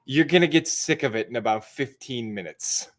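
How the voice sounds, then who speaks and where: A man's voice: medium pitch, moderate pace. A man in a casual podcast chat who jumps in and makes his points with emphasis. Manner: emphatic, conversational, interjecting.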